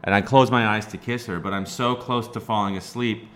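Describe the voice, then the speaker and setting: A man's voice: lowish voice, fairly even intonation, fairly quick, fairly bright tone. A man co-hosting a casual chat, telling a long rambling story from Canada and laughing through it with many restarts. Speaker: podcast co-host telling a story.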